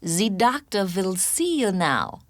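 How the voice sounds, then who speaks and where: A brash woman healer with a sarcastic streak, her voice pitched noticeably higher and sounding set apart from the narrator's usual tone, as a woman narrator puts her on. She delivers wisecracks in a breezy, teasing manner. The reading is dry and close, with no room echo. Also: big pitch swings, moderate pace.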